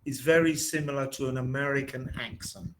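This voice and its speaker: A man from southeast England with a southern English accent, tutoring English in an online lesson and speaking slowly and plainly. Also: medium pitch, steady tone, a bit bright, slight background noise, low-quality recording. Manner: slow, plain, deliberate speech. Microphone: video call.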